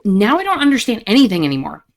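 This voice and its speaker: A woman's voice: medium pitch, wildly swooping pitch. A woman reading a flustered, panicky chat character. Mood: panicked. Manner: flustered, quick to protest.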